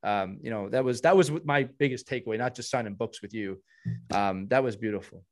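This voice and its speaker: A man hosting a hockey podcast, chatting casually and warmly, with frequent restarts and repeated words. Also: fairly low pitch, brisk. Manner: warm, rambling, many restarts. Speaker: podcast host.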